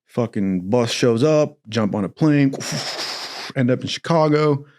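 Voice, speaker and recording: A man's voice: medium pitch, unhurried. A young man from Southern California, casually telling a long personal story, swearing often and acting out the voices of the people in it. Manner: profane, animated, acts out quotes in other voices.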